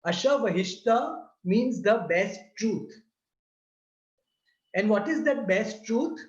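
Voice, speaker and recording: Slow, high-voiced man teaching prayers. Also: animated. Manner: deliberate, repeats and spells out syllables. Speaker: religious teacher. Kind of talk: slow explanatory lesson. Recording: roomy, slightly dull sound.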